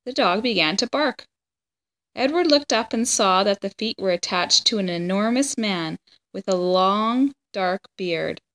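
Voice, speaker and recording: A woman reading a children's chapter book aloud, with steady, even storytelling. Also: mid-range voice, measured pace. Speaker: story reader.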